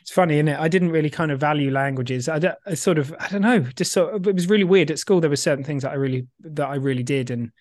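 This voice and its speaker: A man hosting a casual podcast, chatty and rambling, quick to laugh at himself. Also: a little high, steady tone, a little mellow. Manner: chatty, rambling, self-deprecating, laughs easily. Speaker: podcast host.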